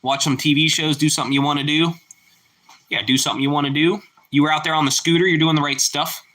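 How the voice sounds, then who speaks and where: A young man hosting a casual live chat with viewers, relaxed and chatty, breaking into loud whoops of delight. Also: fairly high pitch, fast talker. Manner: relaxed, chatty, exclaims "woo" over food. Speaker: livestream host.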